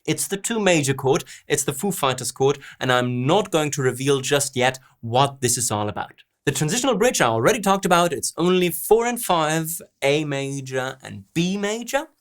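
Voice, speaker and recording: A man's voice: a little high, lively intonation, moderate pace, hardly any pauses. A man hosting a songwriting lesson, walking through a song's lyrics and chords and sounding out rhythms and stresses. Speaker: host and songwriting teacher. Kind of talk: song analysis lesson.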